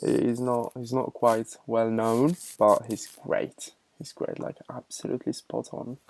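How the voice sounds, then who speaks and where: A woman's voice: extremely low pitch, level tone, a little slow, a little mellow, no room sound. A woman co-hosting a podcast in casual chat, talking in an easygoing way with short replies. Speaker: podcast co-host.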